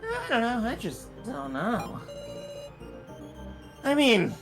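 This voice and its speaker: A woman voicing a friendly young man saying goodbye to his friends, soft and earnest. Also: fairly high pitch, huge pitch swings, takes it slowly, music in the background, voice pushed up, full character voice.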